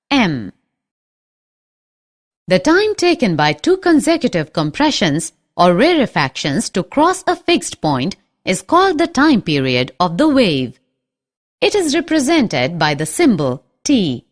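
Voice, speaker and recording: A woman giving scripted narration for a school science lesson, reading in a clear, explanatory way. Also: mid-range voice.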